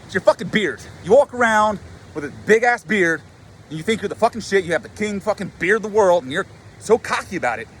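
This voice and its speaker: A man's voice: a little high, sing-song, fairly quick, bright, forceful tone, slight background noise. A man doing his own sneering, jealous double. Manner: sneering, profane, sarcastic. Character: man's own mocking, jealous imagined double.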